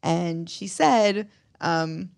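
A young woman with a lowish, gravelly voice chats as a podcast co-host. She tells stories in a relaxed, giggly way, recorded dry and close. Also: very slow, no echo. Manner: chatty, recounts stories with giggles. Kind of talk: casual chat.

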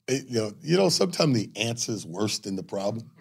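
A man's voice: on the low side, big pitch swings, moderate pace, creaky, a little mellow, husky. A middle-aged man, a stand-up comedian, tells a story with lots of swearing and laughter and acts out what people said. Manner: profane, laughing, acts out dialogue. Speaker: comedian guest. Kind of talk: animated storytelling with acted-out quotes.

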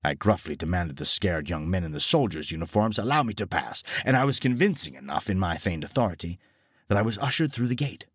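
A man reading a scripted horror story in a steady, grave storytelling manner. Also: deep voice, brisk, slightly rough, no echo, clean studio sound. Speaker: narrator.

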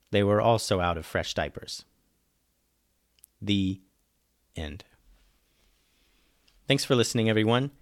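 A man's voice: mid-range voice, dry recording, clean studio sound. A man narrating a playful children's story as the show's host.

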